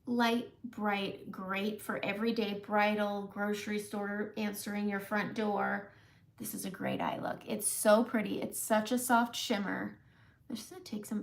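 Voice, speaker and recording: A woman's voice: mid-range voice, level tone, a little slow, vocal fry. Chatty woman hosting a live makeup demo. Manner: chatty, greets viewers while applying makeup. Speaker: makeup livestream host.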